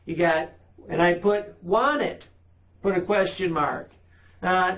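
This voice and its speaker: A man's voice: high voice, takes it slowly, pauses often, fairly bright tone. A man teaching car sales by texting, talking casually and reading short sample messages aloud with emphasis. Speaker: sales trainer. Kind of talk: sales training talk.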